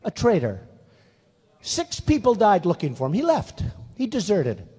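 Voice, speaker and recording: A man's voice: high voice, wildly swooping pitch, measured pace, warm tone, husky. A man in his sixties giving a rambling, repetitive, emphatic rally speech in a large venue. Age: 60s. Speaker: political candidate. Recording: reverberant hall.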